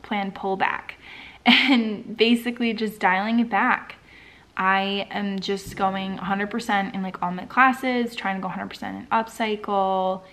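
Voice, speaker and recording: A woman's voice: medium pitch, fairly bright tone. A young adult woman talking in a casual personal vlog, candid and reflective, with lots of "like" fillers. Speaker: vlogger and startup founder.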